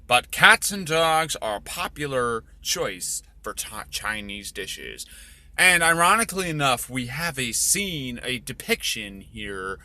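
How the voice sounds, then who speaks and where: Bright-voiced man reading slowly. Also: medium pitch, sing-song, no echo. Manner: profane, offhand asides. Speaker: author reading his own story. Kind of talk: story reading with rambling commentary.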